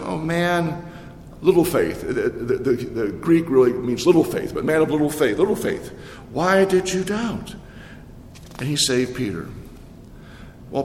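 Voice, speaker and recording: A man with a high-pitched voice delivers a sermon to his congregation, speaking in a conversational way and telling stories with animation. His voice carries a long, echoey reverb from a large church hall. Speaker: pastor.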